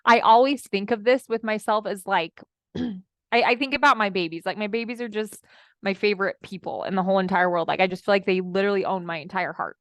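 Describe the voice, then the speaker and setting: A woman's voice: medium pitch, a little fast, no echo. Chatty woman life coach, dry sound. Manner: chatty, addresses listeners as friends, acts out quoted clients. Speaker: marriage coach. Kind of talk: motivational talk.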